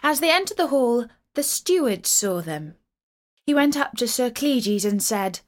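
A woman reading a medieval tale aloud in a steady, clear storytelling voice. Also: on the high side, a little slow.

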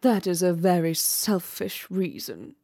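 A woman's voice: on the low side, expressive, unhurried, mellow. A woman reading a storybook aloud, voicing a conceited, pompous male firework rocket in a haughty, dramatic manner. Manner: haughty, self-important, dramatic.

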